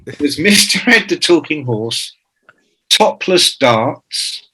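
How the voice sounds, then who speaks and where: A man's voice: on the high side, expressive, slow, bright, forceful tone, rough recording. A man in his sixties, a guest author telling profane, jokey anecdotes and acting out the quotes. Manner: profane, jokey storyteller who acts out quotes. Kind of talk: anecdotal interview talk.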